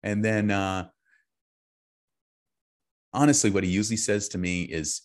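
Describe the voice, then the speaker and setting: A man's voice: on the low side, fairly even intonation, unhurried. A man talking as a guest author in a casual heartfelt conversation, upbeat and enthusiastic with easygoing slang.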